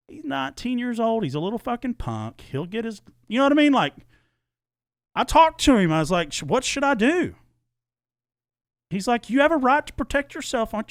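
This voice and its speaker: Middle-aged man, animated storyteller with a lively pitch, dry podcast mic. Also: dry recording. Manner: animated, acts out quoted dialogue, swears freely. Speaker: podcast guest telling his story. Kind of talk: casual storytelling, podcast chat.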